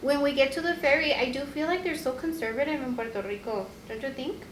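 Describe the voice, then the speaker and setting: A woman's voice: sits high, fast talker, reverberant, slight background noise, poor audio. A young woman hosting a casual podcast chat, telling a travel story with a lot of laughter. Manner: chatty storyteller, laughs often. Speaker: podcast co-host.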